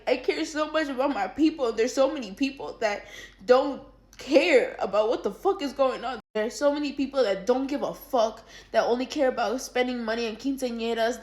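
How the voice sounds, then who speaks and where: Young woman from Latin America, raw confessional vlog, blunt and profane, on the edge of crying, voice a bit high. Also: poor audio. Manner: frank, heated, swears often. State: near tears. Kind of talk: emotional personal vlog rant.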